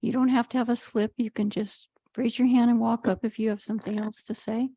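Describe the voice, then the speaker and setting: A woman's voice: a little high, flat delivery, a little fast, mellow, no echo. A woman chairing a community board meeting, calling up speakers in a friendly, informal way.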